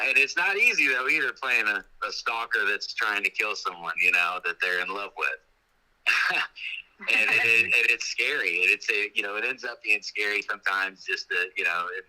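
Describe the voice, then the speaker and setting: A man's voice: lowish voice, pushed and bright, poor audio. A man in casual interview talk, telling rambling stories with many restarts. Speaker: actor guest.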